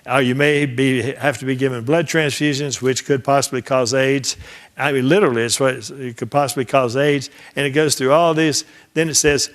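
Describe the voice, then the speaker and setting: A man's voice: mid-range voice, fairly even intonation, moderate pace. An older man, a trial lawyer, teaching a class through case anecdotes, acting out the dialogue and often restarting his sentences. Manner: conversational storyteller who acts out quoted dialogue; frequent restarts and repeated words. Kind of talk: anecdotal lecture.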